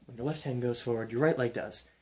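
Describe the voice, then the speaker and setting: A young man explaining and demonstrating ab exercises in a casual, relaxed way while counting reps aloud. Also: medium pitch, fast talker. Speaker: fitness instructor.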